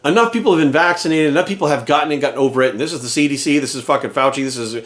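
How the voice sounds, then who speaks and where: Speaking rapid-fire at a medium pitch, this male fitness trainer and coach delivers an angry, profanity-laced monologue to camera. He's emphatic, hammering his arguments by saying the same phrases again and again.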